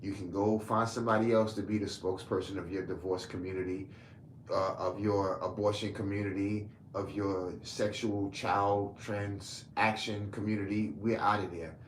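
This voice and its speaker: A man's voice: lowish voice, flat delivery, normal speed, a little hiss or hum. A man from Brooklyn, delivering a combative, heated rant back at his commenters. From Brooklyn, New York. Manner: confrontational, heated, repetitive. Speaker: online commentator. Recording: echoey room with faint ambience.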